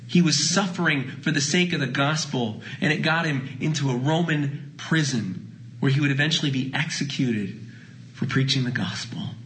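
A pastor preaching a sermon, swinging between lively emphasis and soft, drawn-out phrases. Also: male voice, mid-range voice, low-quality recording. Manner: dynamic preaching, drops to soft hushed phrases.

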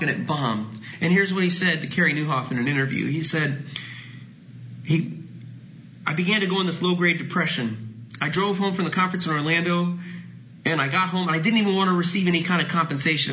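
A pastor preaching a sermon, swinging between lively emphasis and soft, drawn-out phrases. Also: male voice, on the high side, rough recording. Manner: dynamic preaching, drops to soft hushed phrases.

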